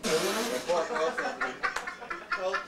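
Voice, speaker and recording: A man addressing a board meeting in a halting, businesslike way. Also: on the high side. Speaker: speaker at public board meeting. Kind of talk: public comment. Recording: echoey room from far off, loud noise.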